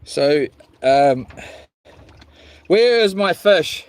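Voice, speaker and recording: A man's voice: very high-pitched, takes it slowly, long pauses, fairly bright tone. A man chatting with viewers while fishing outdoors on the ocean, rambling and swearing in mock-grumpy jokes. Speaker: fishing vlogger. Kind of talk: live-stream chat with viewers.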